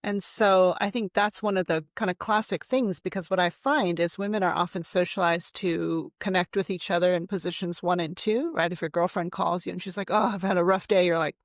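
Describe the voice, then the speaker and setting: A woman therapist guest explains, dotting her talk with "right?" and little fillers. Her voice has a gritty, creaky texture. The sound is close and dry. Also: fairly low pitch, brisk, hardly any pauses, no echo. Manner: animated, uses fillers and rhetorical questions. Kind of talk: conversational explaining.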